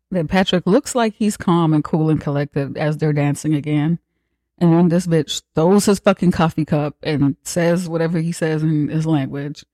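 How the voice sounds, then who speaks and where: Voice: mid-range voice, moderate pace, dark tone, no echo. A podcast host giving a casual, slangy, profane movie recap with joking asides.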